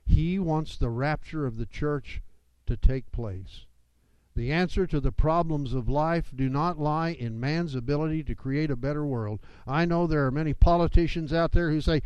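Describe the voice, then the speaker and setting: A man's voice: fairly high pitch, moderate pace, a little mellow, clear, resonant tone, no room sound, rough recording. A man preaching a sermon as pastor, with emphatic delivery that rises and falls.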